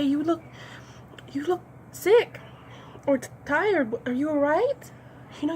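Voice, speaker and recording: A young woman with a medium-pitched, slightly mellow voice does a comedy monologue, ranting, swearing a lot, and acting out voices. There's a little hiss or hum in the recording.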